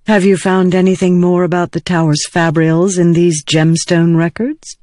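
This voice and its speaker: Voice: medium pitch, level tone, moderate pace, darkish tone, no echo, studio quality, lightly acted. A narrator doing a wry, older mother.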